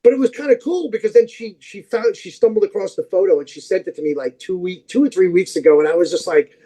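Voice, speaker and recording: A man who is a podcast guest, telling long, animated anecdotes in casual chat, with plenty of fillers and restarts. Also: high voice, fast talker, poor audio.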